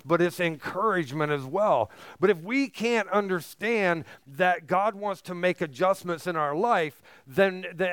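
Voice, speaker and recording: Male pastor, emphatic sermon delivery, high clear voice. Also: no room sound. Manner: emphatic preaching, rising to near-shouts on key phrases.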